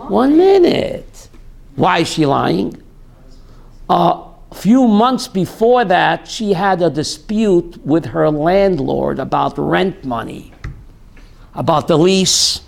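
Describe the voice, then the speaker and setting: Rabbi guy with a high gravelly voice, slow, tells stories and quizzes the room. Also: animated. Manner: storytelling, asks the audience questions and answers them; dramatic, voices screaming characters in quotes. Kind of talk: lecture to a class.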